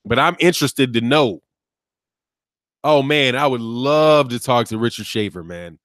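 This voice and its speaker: A man with a Midwest American accent hosts a boxing channel live stream, reacting to chat in an animated, mocking way, laughing often and tossing in "man" and "dog.". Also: medium pitch, unhurried, dry recording, clean studio sound.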